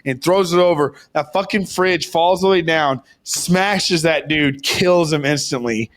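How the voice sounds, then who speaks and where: In a fairly high, bit-bright voice at a measured pace, a young podcast co-host spins a long, rambling story full of profanity. He's adamant that it's true.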